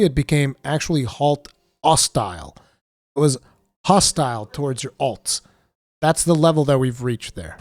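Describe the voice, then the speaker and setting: A man's voice: medium pitch, dry recording, studio quality. A man giving casual reaction commentary as a streamer, profane, sarcastic and exasperated.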